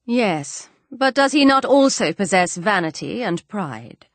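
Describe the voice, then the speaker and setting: A woman voicing a witty, spirited young woman with a lightly raised, brisk and wry manner in an audiobook. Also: medium pitch, big pitch swings, dry recording.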